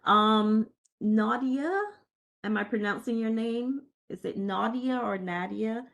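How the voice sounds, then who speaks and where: A woman chairing a committee on a video call, asking friendly, brisk questions. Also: fairly high pitch, fairly even intonation, creaky. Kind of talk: chairing a virtual meeting. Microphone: video call mic.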